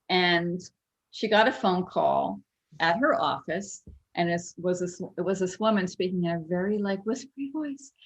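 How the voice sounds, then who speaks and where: A woman cartoonist and author telling stories as an interview guest, animated and chatty. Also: lowish voice. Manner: animated storyteller, lots of "like". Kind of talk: casual interview chat.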